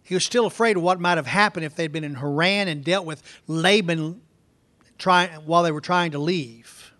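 A man's voice: a little high, moderate pace, a bit bright. A man preaching verse by verse, explaining the passage in a conversational way and asking his listeners rhetorical questions. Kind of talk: verse-by-verse Bible teaching.

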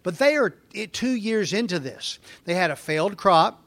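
Man, Bible teacher, conversational lesson, informal explaining, slightly high pitch. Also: lively intonation, normal speed, fairly bright tone. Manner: informal, explanatory, with fillers and restarts.

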